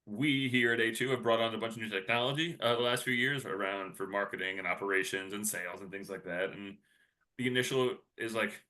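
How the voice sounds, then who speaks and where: Chatty bright-voiced man on a webinar. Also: on the low side, brisk. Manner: chatty, rambling with many fillers and restarts. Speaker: webinar co-presenter. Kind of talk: casual webinar talk.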